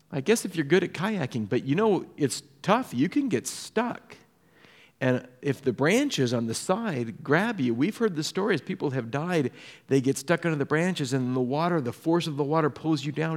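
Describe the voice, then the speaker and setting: A man from Southern California preaches a sermon in a lively storytelling way, sinking to a quiet hush on key points. His voice sits at a middle pitch. It rings with the long reverb of a large hall. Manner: storytelling, drops to a soft hush for emphasis. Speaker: pastor.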